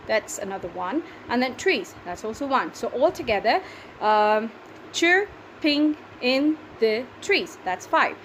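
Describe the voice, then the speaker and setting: A woman teacher giving a patient classroom lesson, repeating words slowly as she counts syllables. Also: on the high side, a bit bright, slight background noise.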